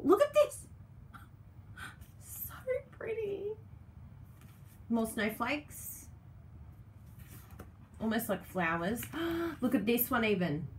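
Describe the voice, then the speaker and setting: Chatty woman, thirties, live-stream craft host, gushing and unhurried. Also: mid-range voice, a little hiss or hum. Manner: gushing, excitable, chatty with viewers. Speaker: craft product demonstrator. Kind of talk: live-stream unboxing chat.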